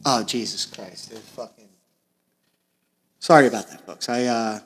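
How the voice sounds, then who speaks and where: A young man from Florida hosting a podcast, delivering a crude, sarcastic comedic monologue that swings between mumbling asides and loud bursts. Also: medium pitch, a little slow. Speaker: podcast host. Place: small makeshift home recording space.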